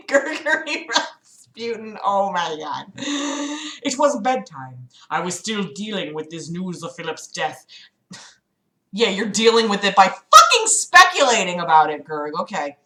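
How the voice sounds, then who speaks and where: A woman's voice: mid-range voice, very animated, a little slow, pushed and bright, echoey room. A woman hosting a livestream, reading a book aloud and breaking off into sarcastic, exasperated commentary full of swearing. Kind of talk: dramatic reading with mocking commentary. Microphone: streaming mic.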